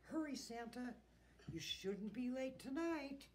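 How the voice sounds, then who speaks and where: A storybook fox, as a woman reads it aloud, warning with urgency and a lively, rising voice. The reading is slow and steady. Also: high-pitched, slight background noise, voice pushed up. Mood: urgent. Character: helpful fox in the woods.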